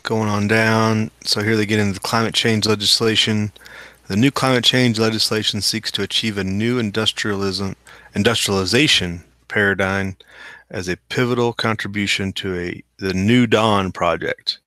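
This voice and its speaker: A man's voice: on the low side, fairly even intonation, normal speed, bright, forceful tone, dry recording. A man hosting a casual news show, reading articles aloud and adding wry, skeptical asides. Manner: skeptical, wry asides between read quotes. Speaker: host reading and commenting on articles.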